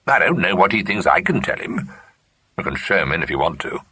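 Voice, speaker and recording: A man's voice: a little high, huge pitch swings, normal speed, voice pushed up, exaggerated voice. A man voicing a cantankerous, very old great-aunt who speaks sharply and scornfully. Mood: testy. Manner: sharp, scornful, easily offended.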